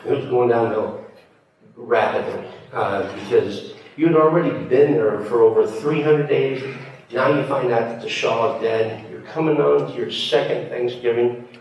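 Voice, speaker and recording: A man in his sixties from the United States tells an audience about being held hostage, speaking conversationally with fillers and wry humor. His mid-range voice is a little slow and sounds lo-fi. The recording comes from far off in an echoey hall, with faint noise.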